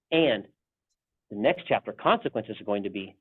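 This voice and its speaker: A man's voice: lowish voice, lively intonation, normal speed, slightly rough. A male pastor leading a casual Bible study discussion, rambling with frequent restarts. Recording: tinny phone-like sound.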